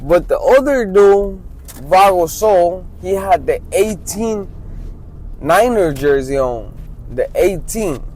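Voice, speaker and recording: A man's voice: high voice, lively intonation, takes it slowly, a little mellow, poor audio. A man casually telling a true street story, with loose restarts and "right?" asides.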